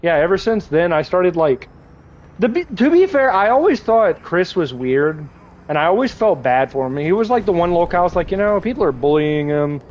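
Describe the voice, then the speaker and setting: Young guy gaming on stream, kinda high voice, rambles and laughs a lot, swears. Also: big pitch swings, moderate pace, darkish tone, dull audio. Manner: rambling, laughing often, crude. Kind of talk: casual chat while gaming.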